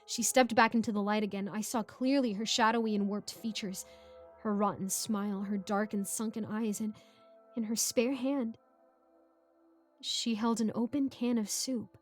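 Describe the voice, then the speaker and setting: A woman narrates a first-person horror tale in a measured, steady voice of middling pitch. Soft background music sits faintly beneath her reading.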